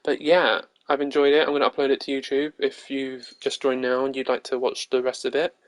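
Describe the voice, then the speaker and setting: A hoarse male streamer chatting casually, laughing now and then as he talks. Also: mid-range voice, little pitch movement, a little fast, no room sound. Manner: chatty, laughs between sentences. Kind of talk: casual gaming stream chat.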